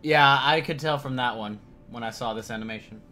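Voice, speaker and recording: A man's voice: mid-range voice, a little fast, sharp tone. A man streaming live, reacting to the video with exclamations and greeting viewers in chat. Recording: music playing behind.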